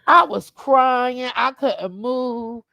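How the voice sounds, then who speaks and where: A woman telling a lively, profane story in casual chat, calling her listener "child". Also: a little high, extremely slow, creaky, dry recording. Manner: animated storyteller, swears freely, calls listener "child". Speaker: streamer, co-host. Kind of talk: casual chat while crafting.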